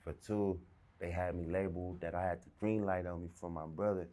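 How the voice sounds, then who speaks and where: Low-voiced Los man telling a story. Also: steady tone, fairly quick, mellow. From South Central Los Angeles. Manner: swaggering, profane, acts out both sides of arguments. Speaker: interviewee. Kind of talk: recounting a street story.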